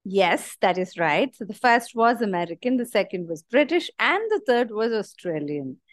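A woman's voice: medium pitch, sing-song, normal speed. A woman hosting a podcast, chatting enthusiastically with a young guest about the news. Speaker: podcast host. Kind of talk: casual chat.

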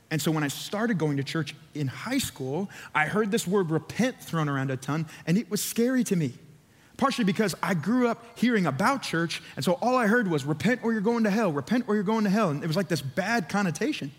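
Male pastor, fervent preaching, slightly high voice, long church-hall echo. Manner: fervent, urging, repeats phrases. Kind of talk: sermon. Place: church auditorium.

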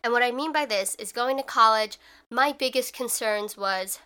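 A woman's voice: fairly high pitch, moderate pace, pushed and bright, clean tone. A young woman hosting her own podcast, talking in a chatty, reflective way with lots of fillers. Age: young adult. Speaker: podcast host. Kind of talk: casual solo podcast talk.

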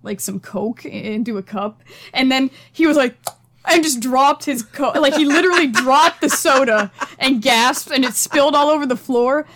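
High-voiced woman telling stories. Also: moderate pace, fairly bright tone, slight background noise. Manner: storytelling, giggly. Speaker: podcast co-host. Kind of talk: casual chat.

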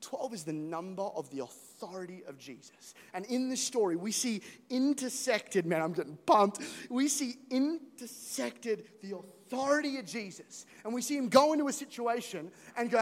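A man preaching an animated sermon as a pastor, joking and building to loud peaks. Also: high voice, normal speed. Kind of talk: energetic sermon. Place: large church hall. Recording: long hall reverb.

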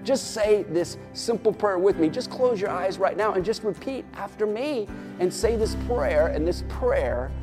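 Rousing pastor preaching with long reverb. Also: male voice, sits high, lively intonation, measured pace, few pauses, over music. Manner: rousing, urges listeners with repeated "come on". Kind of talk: sermon. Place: church or studio, preaching to an online audience.

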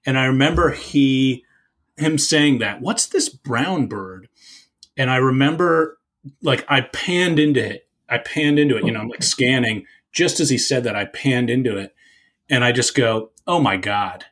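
Speaking at a normal pace with a medium-pitched voice, a man who leads birding tours animatedly recounts an old story in a casual conversation, full of repetition and filler.

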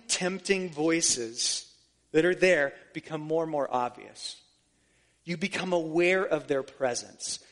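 A man's voice: sits high, a bit bright. A man preaching a sermon as pastor, earnest and emphatic, repeating phrases to drive points home.

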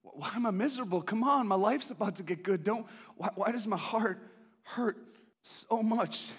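A man voicing the prophet Hosea, a fed-up young husband who whines and shouts. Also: high voice, normal speed, breathy edge. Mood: anguished. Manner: whiny complaining, then shouting with glee.

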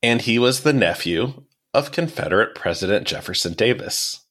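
A man with a fairly low voice narrates history on a podcast, laying out events in a casual, explanatory way. He slips in wry, dry jokes between the facts and keeps an easy conversational tone. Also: expressive, normal speed, a bit bright. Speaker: podcast host.

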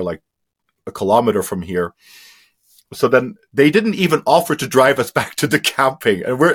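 A man telling his story as an interview guest, candid and casual, swearing freely and often trailing into fillers. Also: mid-range voice.

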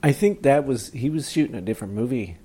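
A man with a dark, mellow voice in relaxed podcast banter. He chimes in briefly, agrees often and drops dry, crude one-liners. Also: medium pitch, fast talker, husky. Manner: short agreeing interjections, dry. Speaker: podcast co-host. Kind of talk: casual crude chat.

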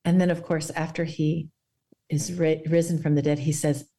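A woman guest on a faith podcast, speaking earnestly and guiding listeners through a quiet reflection. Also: deep voice, level tone, normal speed.

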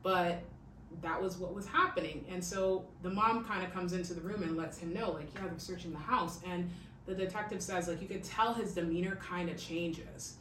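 Speaking at a normal speed in a fairly low, slightly bright voice, a woman hosts a podcast and chats her way through a true-crime story, full of "like" and "okay?". Her mic is distant in an echoey room, with faint hiss.

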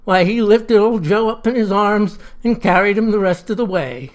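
A woman spins a fireside tale in a folksy, chatty way. Her voice sits at a middling pitch. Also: normal speed. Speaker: storyteller.

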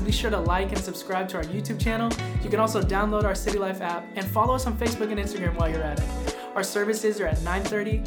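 A woman reading a scripted closing announcement for a church, thanking viewers and listing ways to connect. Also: mid-range voice. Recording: loud music bed behind the voice.

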